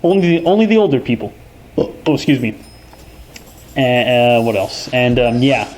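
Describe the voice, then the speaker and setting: A man's voice: medium pitch, expressive, moderate pace, darkish tone, a little hiss or hum, poor audio. A young man from New York hosting a casual chat while playing a game, rambling, self-correcting and swearing freely. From New York, USA. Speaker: host. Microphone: desk microphone.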